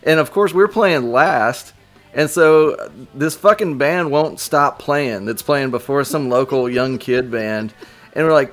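A man in casual podcast chat, telling old tour stories with lots of swearing and loud acted-out quotes. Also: medium pitch, moderate pace, soft background music. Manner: animated, swears a lot, acts out quotes loudly. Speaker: podcast guest, former band member.

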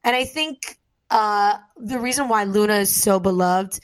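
A woman co-hosting a podcast, earnest and chatty, her thoughts sprinkled with "um" and "like." Her voice sits at a middle pitch and is recorded close and dry, with no room sound. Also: a little slow, no room sound. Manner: earnest and chatty, many fillers. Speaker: podcast co-host. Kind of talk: casual chat.

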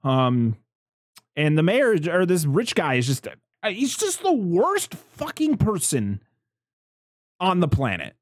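A man chatting casually about a movie with friends, recapping the plot. His pitch swings widely as he jumps into squeaky impressions of the characters. The sound is dry and close. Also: slow, dry recording. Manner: animated, acts out characters in high voices. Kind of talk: casual movie review chat.

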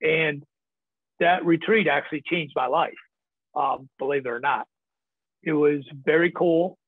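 A man's voice: fairly high pitch, unhurried, slightly rough, no echo. A man from the northern United States, a podcast guest telling rambling stories in casual talk, often chuckling and swearing. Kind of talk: casual storytelling. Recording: tinny phone-like dry line.

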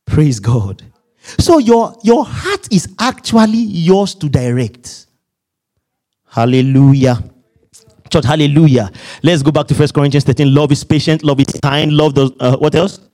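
A male pastor delivering a humorous, animated sermon to his congregation. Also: on the high side, unhurried.

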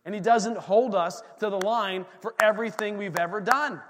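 Pastor guy preaching, high voice, lots of energy and jokes, big echoey church. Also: normal speed, slight background noise. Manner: animated preaching with asides and humor. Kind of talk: sermon. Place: church sanctuary. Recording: long hall reverb from a church room.

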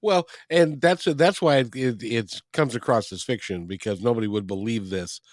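A man hosting an interview, asking halting questions with many fillers. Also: medium pitch, no echo, clean studio sound. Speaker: interviewer host. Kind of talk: casual interview.

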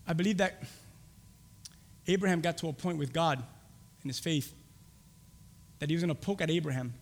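A man preaching a sermon as pastor, swinging from loud, shouted lines to hushed whispers. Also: fairly high pitch. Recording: long hall reverb.

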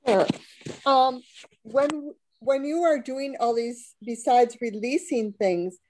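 A woman's voice: a little high, takes it slowly, noisy background. A woman in the audience asking a question, hesitant and full of ums.

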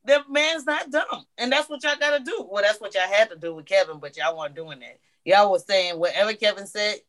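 A woman's voice: medium pitch, fairly quick, a bit bright. A woman in a casual debate, steadily explaining and defending her point.

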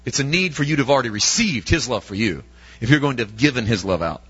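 Husky-voiced male preacher, emphatic. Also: medium pitch, expressive, fast, fairly bright tone, muffled recording. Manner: emphatic, asks the congregation rhetorical questions. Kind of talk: sermon.

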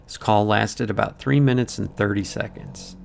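A man's voice: fairly low pitch, fairly even intonation, normal speed, vocal fry, slight background noise. A man narrating a true mystery story as podcast host, dramatic and scripted. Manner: dramatic retelling with acted-out quotes.

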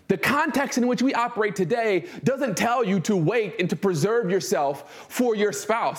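A young man preaching a sermon, reading scripture aloud and then commenting on it in casual slang, slowing down to stress words. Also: sits high. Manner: slows and stresses words for emphasis.

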